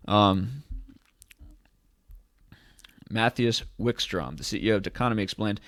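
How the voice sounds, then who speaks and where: A man's voice: lowish voice, a bit bright, no room sound, clean studio sound. A man hosting a casual commentary video who reads news articles aloud and breaks off with sarcastic rhetorical questions. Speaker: host of a cryptocurrency commentary channel.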